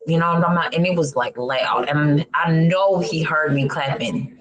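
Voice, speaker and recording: A woman's voice: sits low, normal speed, poor audio. A woman in her thirties who has lost her voice, chatting as a podcast co-host with churchy exclamations. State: hoarse, lost voice. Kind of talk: casual chat.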